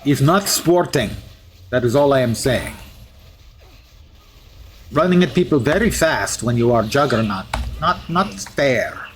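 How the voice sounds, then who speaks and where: A man's voice: mid-range voice, animated, unhurried, long pauses, slight background noise, close to an everyday voice. A man voicing a huge, boastful steel-skinned male hero in a mock Russian accent, with solemn, formal phrasing. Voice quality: formal, article-dropping, grandly pompous phrasing. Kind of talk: in-character game commentary.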